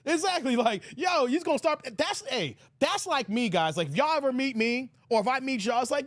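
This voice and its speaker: A joking male host reacting to a clip with a high, lively voice that swings widely. He talks casually and laughs between comments. The sound is dry and close. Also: a little fast, few pauses, dry recording. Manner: animated, joking, laughs often.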